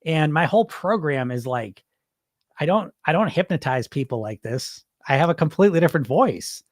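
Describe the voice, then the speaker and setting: A man with a fairly high voice talks in a loose, blunt way, dropping the odd swear word as he speaks to his audience. He sounds close and dry, with no room around him. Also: lively intonation, moderate pace, no echo. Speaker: weight loss hypnotist and podcast host. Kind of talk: casual live-stream talk.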